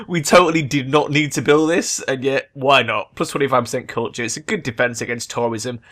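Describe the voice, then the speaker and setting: A young man talks through a strategy game as he plays, thinking out loud. His voice sits at an ordinary middle pitch, and he turns excitable and loose with his language, swearing freely. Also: a little fast, hardly any pauses, soft background music. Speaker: let's play gamer. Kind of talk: gameplay commentary.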